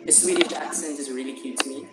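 A man's voice: a little high, steady tone, fast talker. A man with a South African accent in a casual video chat, talking loosely and hesitantly with many fillers. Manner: rambling, hesitant, lots of fillers and laughs. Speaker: chat partner. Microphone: video call. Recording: echoey room with music behind.

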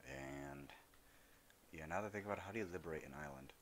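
A man's voice: low voice, fast, a bit bright, slight background noise. A young man streaming a shooter game, rambling and joking as he talks to the characters he meets. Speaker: gaming streamer. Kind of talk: casual let's-play commentary.

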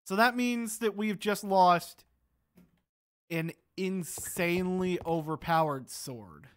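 A man's voice: high-pitched, takes it slowly. A young man giving gameplay commentary, exasperated and talking to himself as he plays. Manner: exasperated, talks to himself while playing. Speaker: gaming channel host.

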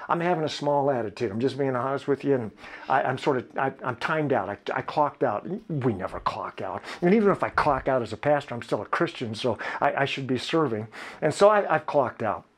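A middle-aged man, a pastor, telling a personal story in a sermon in a candid, confiding way, halting often and restarting his sentences. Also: medium pitch, animated, breathy edge.

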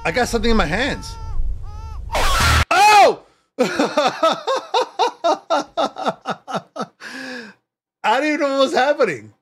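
A man playing a horror game on his channel, talking to himself and yelping with excitement. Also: extremely high pitch, rapid-fire, hardly any pauses, slight background noise. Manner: excitable, yelps and laughs, talks to himself.

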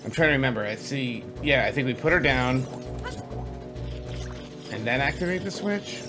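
A gaming channel host delivers casual playthrough commentary in a mid-range, expressive voice at normal speed. He's chatty and self-deprecating, laughing at his own slips while game music plays behind him.

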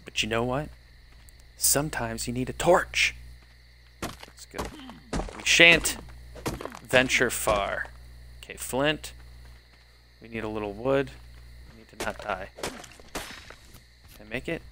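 A man's voice: mid-range voice, unhurried, pauses often, a bit bright, a little hiss or hum. A man streaming live gameplay, chatting to himself and his viewers and easily startled.

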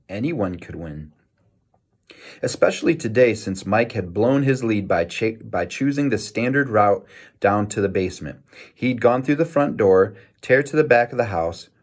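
A man reading a children's novel aloud in a lively storytelling manner, with small self-corrections. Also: fairly low pitch. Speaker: reader.

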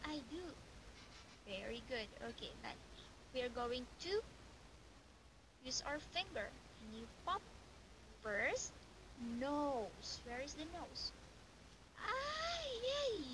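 A young woman teaching English online, giving a child a demo lesson with slow, exaggerated, sing-song praise. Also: high-pitched. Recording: hissy home recording.

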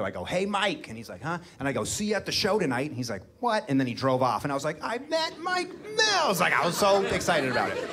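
A man doing stand-up comedy, telling a long personal story on a club stage, his voice jumping loud and high at punchlines. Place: comedy club stage before a live audience.

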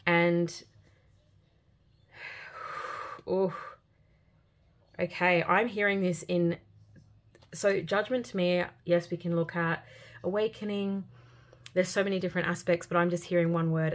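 Low, gravelly-voiced woman reading tarot. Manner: earnest, gentle and heartfelt, with many repeated phrases. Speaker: tarot reader. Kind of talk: intuitive tarot reading for viewers.

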